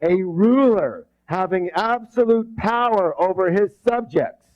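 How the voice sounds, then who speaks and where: A man's voice: sits high, expressive, measured pace. A man leading a live leadership seminar. He drills the room with call-and-response and often restarts his sentences. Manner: rambling restarts. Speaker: leadership trainer. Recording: dull lo-fi recording.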